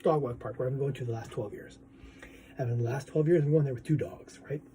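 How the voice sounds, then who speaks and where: A man's voice: mid-range voice, fast, dark tone, slight background noise. A man vlogging in a casual, rambling monologue, swearing freely and asking "right?" as he goes.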